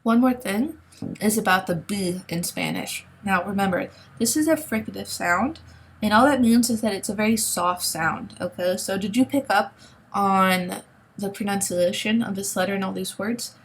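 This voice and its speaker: A woman's voice: mid-range voice, normal speed. Woman, language teacher, online video lesson, patient, explanatory, checks in often. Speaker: Spanish teacher.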